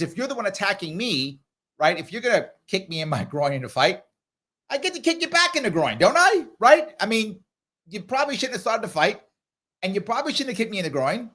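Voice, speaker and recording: Brief: middle-aged male livestream host, slightly high voice, very lively pitch, chatty direct commentary. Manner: animated, talks straight to viewers, acts out others in quick voices. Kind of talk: live Q&A commentary.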